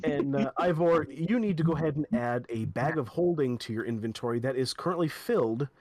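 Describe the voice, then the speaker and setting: A man narrating a tabletop game as game master, halting and repeating himself. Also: fairly high pitch, expressive, a little mellow, dry recording.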